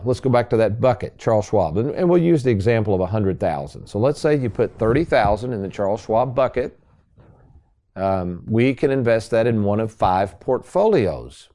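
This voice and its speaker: A man's voice: lowish voice, dark tone. A man hosting a radio talk show as a financial advisor, folksy and salesy, speaking to listeners as folks.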